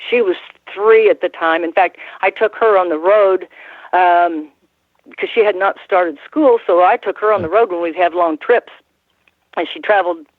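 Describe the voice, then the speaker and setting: A woman's voice: on the low side, moderate pace, no room sound. A woman in her sixties, a guest on an interview, telling stories in a rambling way with many restarts and laughs. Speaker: guest, former wrestling ring announcer. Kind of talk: casual interview storytelling. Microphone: phone call. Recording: tinny phone line, dry.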